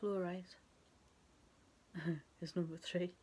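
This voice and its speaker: A woman's voice: fairly low pitch, flat delivery, slow pace, a little mellow, husky. A woman doing a casual tarot reading to camera, chatty and rambling. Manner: chatty and rambling, laughs at herself. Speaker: tarot reader.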